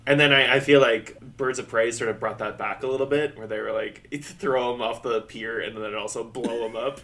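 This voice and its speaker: A man's voice: mid-range voice, fairly even intonation, normal speed, hardly any pauses, bright, forceful tone. A man co-hosting a podcast in casual chat, rambling and laughing often as he acts out quotes. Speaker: podcast co-host.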